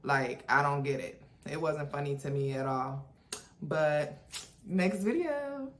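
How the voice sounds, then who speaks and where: A woman's voice: extremely low pitch, flat delivery, measured pace, slight background noise. A woman hosting a reaction video, talking in a chatty, frank way with lots of fillers and asides. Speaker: reaction channel host. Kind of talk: casual reaction commentary.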